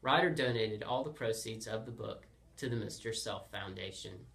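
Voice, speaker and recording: A man hosting and narrating a comic story with a playful, deadpan delivery. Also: lowish voice, normal speed, creaky. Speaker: storyteller host.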